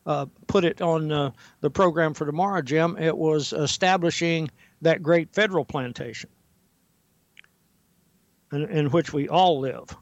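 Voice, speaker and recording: An older man speaking as a guest historian on a talk radio show, deliberate and halting with frequent fillers, reading quotations slowly and carefully. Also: on the high side, dry recording. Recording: dull, dry lo-fi audio.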